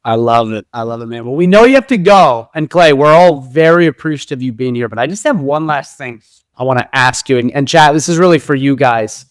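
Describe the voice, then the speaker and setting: A man's voice: medium pitch, expressive, fairly quick, no echo, clean studio sound. A man hosting a livestream interview, upbeat and speaking straight to the live chat. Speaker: host.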